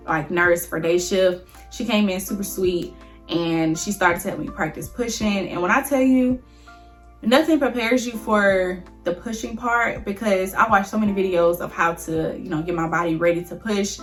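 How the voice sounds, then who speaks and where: A woman's voice: mid-range voice, moderate pace, faint music behind. A young woman vlogger casually telling a personal story to her viewers, chatty and emotional, often addressing them as y'all.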